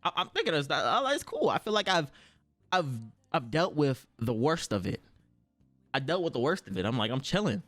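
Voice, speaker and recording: Young guy streaming, black slang, swears a lot, voice shoots way up on the quotes, some music faint behind him. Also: moderate pace. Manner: animated, swears freely, slangy, acts out quotes with big pitch jumps. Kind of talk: casual storytelling to stream chat.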